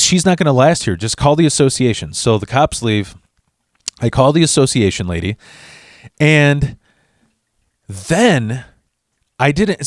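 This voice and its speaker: A man's voice: mid-range voice, no echo, studio quality. Profane, stammering man ranting a story. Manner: profane and animated, acting out quotes; restless stammers and restarts. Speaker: vlogger. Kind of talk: storytime rant.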